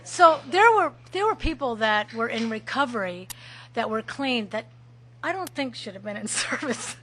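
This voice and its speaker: A middle-aged woman telling a lively personal story at a recovery meeting, laughing often and acting out shouts. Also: a little high, moderate pace, noisy background. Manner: animated, laughing, acts out shouted quotes.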